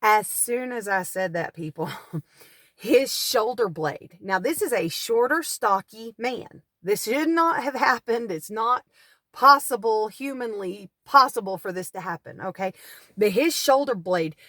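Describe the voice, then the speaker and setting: A woman's voice: on the high side, unhurried, dry recording, studio quality. Earnest woman telling a testimony. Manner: earnest, animated storyteller who acts out cries. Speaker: deliverance minister. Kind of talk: personal testimony storytelling. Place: parked car.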